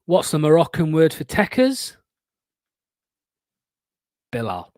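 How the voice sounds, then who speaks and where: A man, hosting a fan watchalong stream and giving excitable, sweary live match commentary. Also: on the high side, moderate pace, no echo.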